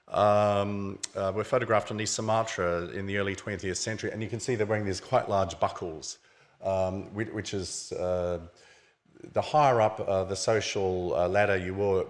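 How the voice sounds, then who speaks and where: A man with a fairly low voice gives a relaxed, explanatory talk at a book launch. He walks the audience through pictures of objects on his slides in a conversational way. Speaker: author presenting his book. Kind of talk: illustrated lecture at a book launch. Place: museum event venue.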